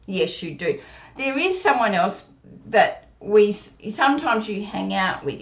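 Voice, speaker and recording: Aussie woman, ventriloquist, quiet low asides, slow, lo-fi call sound. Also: lively intonation, heavy background noise. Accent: Australian. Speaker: ventriloquist guest speaker. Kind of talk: casual chat on a video call.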